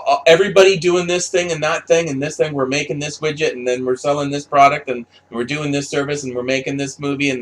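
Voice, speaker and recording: A man delivering a heated, profanity-filled opinion rant, stammering and repeating himself as he talks. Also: fairly high pitch. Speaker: commentator.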